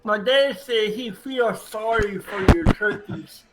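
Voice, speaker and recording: A man's voice: high voice, takes it slowly, very noisy. A man chatting casually with a friend over voice chat while they play a game together. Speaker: fellow player.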